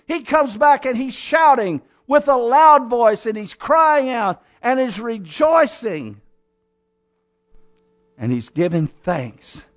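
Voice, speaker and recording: A pastor with a strikingly high-pitched voice preaches to his congregation. He tells the story like a dramatist, one moment lifting into fervent exhortation, the next dropping low and confiding. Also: sing-song, slow. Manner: dramatic storytelling, acting out scenes; swings between raised exhortation and low intimate asides. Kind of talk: sermon.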